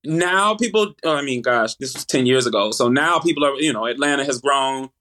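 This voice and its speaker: A man in his thirties with a Southern US accent, chatting as an interview guest, lively, with halting restarts and easy laughter. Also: medium pitch. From United States. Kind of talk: casual interview chat.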